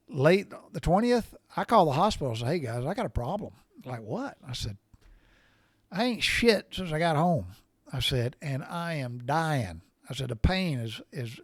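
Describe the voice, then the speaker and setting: A man's voice: medium pitch, a little mellow, no room sound, studio quality. A middle-aged man, casually telling a rambling, profane story while sore from recent surgery. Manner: folksy, profane, rambling with restarts. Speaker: podcast storyteller.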